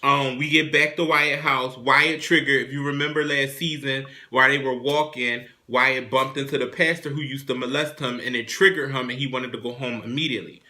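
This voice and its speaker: A young man hosting his own show, casually recapping a TV drama episode in a chatty, animated, profane way. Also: medium pitch, a little fast, few pauses. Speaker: show host reviewing a TV drama.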